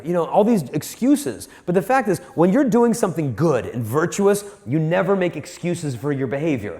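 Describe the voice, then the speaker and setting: Lively joking man speaking in a reverberant hall. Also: a little high, normal speed, hardly any pauses. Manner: animated and joking, acts out quoted people. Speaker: Catholic speaker on dating and marriage. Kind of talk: live motivational talk to an audience.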